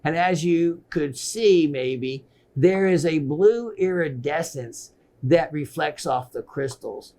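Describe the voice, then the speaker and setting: A middle-aged man hosting a gemstone shopping show, presenting pieces with excitement and repeating phrases for emphasis. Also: fairly high pitch, takes it slowly. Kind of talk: enthusiastic sales presentation.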